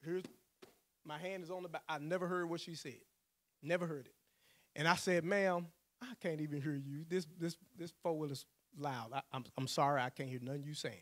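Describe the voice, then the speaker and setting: A man's voice: a little high, steady tone, a little fast. A male pastor, telling a personal story in a sermon, acting out the voices he quotes and laughing often.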